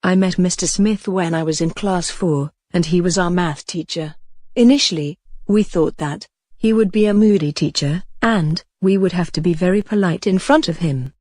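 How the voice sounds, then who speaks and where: Candidate voice, steady scripted long answer, dry recording. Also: medium pitch, normal speed, dry recording. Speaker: sample exam candidate.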